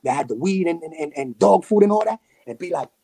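Gravelly New man telling a story. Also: high-pitched, fast. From New York City. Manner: animated street slang with sound effects. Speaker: podcast guest. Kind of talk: casual storytelling.

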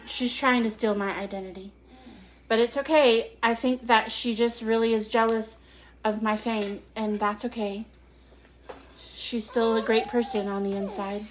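A woman hosting a home cooking show, talking in a casual, playful, teasing way from her kitchen. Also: on the high side. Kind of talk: casual joking chat.

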